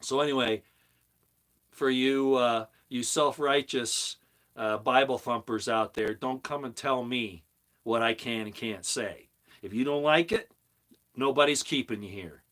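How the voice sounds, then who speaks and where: An unhurried middle-aged man with a medium-pitched, slightly bright voice hosts his own commentary channel. There he rants in a heated, preachy opinion monologue, repeating points emphatically.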